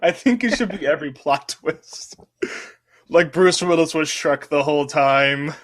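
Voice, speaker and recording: A man's voice: fairly high pitch, a little slow, a bit bright. A man co-hosting a comedy podcast, joking around in casual banter and laughing often. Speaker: podcast co-host.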